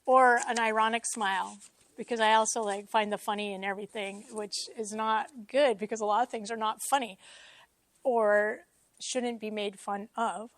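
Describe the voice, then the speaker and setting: A woman's voice: medium pitch, fairly even intonation, normal speed. A woman giving a casual, self-deprecating teaching talk to a church congregation, with joking asides. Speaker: church speaker.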